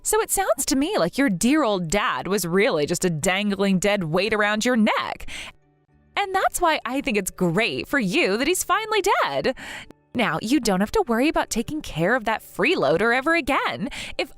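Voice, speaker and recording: A snobbish rich sister-in-law sneers and gloats, as a woman puts her on for a dramatized story. The voice rides high and swoops in lively, mocking arcs. The sound is dry and close, with faint music underneath. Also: moderate pace, no echo. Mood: sneering.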